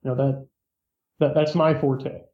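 Measured man explaining at length. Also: medium pitch, little pitch movement, echoey room, dull audio. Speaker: author and interview guest. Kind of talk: explanatory interview talk.

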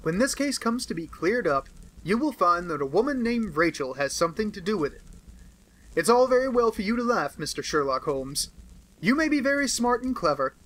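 A man's voice: high voice, sing-song, moderate pace, a bit bright, pitched above the performer's own voice, heavily acted, low-quality recording. A man reading an audiobook and voicing a pompous, self-satisfied male police detective who shows off his discovery in a triumphant, boastful manner. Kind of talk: audiobook character voice.

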